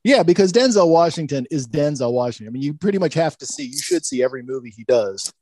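A man's voice: fairly high pitch, sing-song, quick pace, gravelly, mellow, slightly rough, dry recording. A man co-hosting a casual podcast chat, enthusiastic and chuckling as he recalls favorite scenes. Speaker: podcast co-host.

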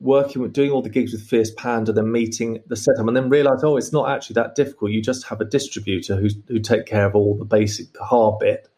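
Man, lowish voice, guest recounting his music days with animated storytelling. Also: quick pace, few pauses. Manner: storytelling, acts out quoted voices. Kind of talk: animated anecdote.

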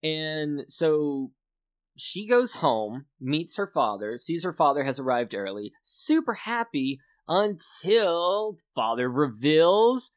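A man's voice: fairly high pitch, big pitch swings, takes it slowly, clear, resonant tone, no echo. Man recapping a film plot, dry close sound. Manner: recaps plot in a running, conversational way. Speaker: podcast co-host. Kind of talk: casual film discussion.

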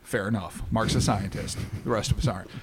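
A man's voice: lowish voice, a little fast, very noisy. A man co-hosting a casual podcast, walking through the case at length and swearing freely. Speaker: podcast co-host presenting the case.

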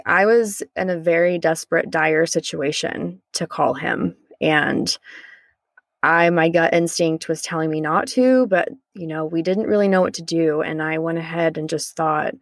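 A woman's voice: low-pitched, a little slow, gravelly, no room sound, clean studio sound. A woman podcast co-host candidly recounting a hard night to her lifelong friend, rambling with restarts. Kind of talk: casual recounting conversation.

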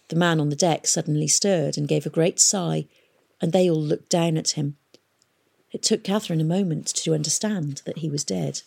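A woman reading a novel aloud in a steady, measured storytelling manner. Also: low voice, vocal fry, husky. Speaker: audiobook reader. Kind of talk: audiobook narration.

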